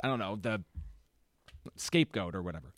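A woman in her thirties co-hosting a film podcast, telling stories with lots of swearing and quick restarts. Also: rumbling low. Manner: animated storyteller, swears freely. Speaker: podcast co-host. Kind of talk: casual film discussion.

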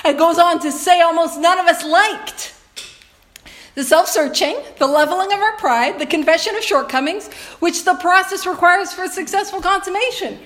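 High-voiced woman speaking in an echoey room. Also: normal speed, fairly bright tone. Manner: earnest, conversational, often laughing, addresses the room directly. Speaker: speaker at a recovery meeting. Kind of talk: personal talk to a meeting. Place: meeting room with an audience.

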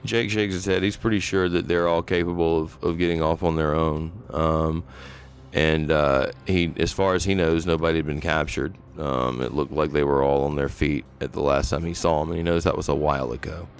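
A man's voice: extremely low pitch, steady tone, normal speed, clean tone. A man playing a tabletop role-playing game, describing his character's actions hesitantly, with many fillers. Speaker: player.

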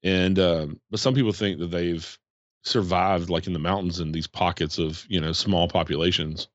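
A man's voice: deep voice, fairly even intonation, normal speed, no echo, lo-fi sound. A man, chatting casually on a podcast and rambling with many fillers. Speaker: podcast host. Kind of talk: casual chat.

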